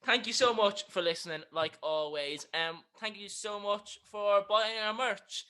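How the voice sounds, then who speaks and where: A man's voice: high-pitched, measured pace, bright, forceful tone, clean tone. A young man co-hosting a podcast over a video call, joking and laughing often. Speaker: podcast co-host. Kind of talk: casual chat.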